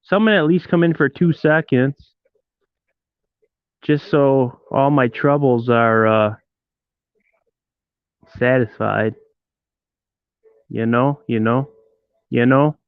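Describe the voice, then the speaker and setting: A Detroit man hosts a casual live stream, joking, rambling, and teasing his viewers in a smooth, steady, medium-pitched voice. He speaks slowly with frequent pauses, and the dry recording sounds tinny, like a phone, with no echo.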